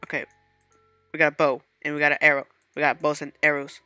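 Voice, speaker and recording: Bright-voiced jumpy gaming guy. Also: on the high side, quick pace, clear, resonant tone, soft background music. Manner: excitable self-talk with sudden startled outbursts. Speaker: gaming channel host. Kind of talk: casual gameplay commentary.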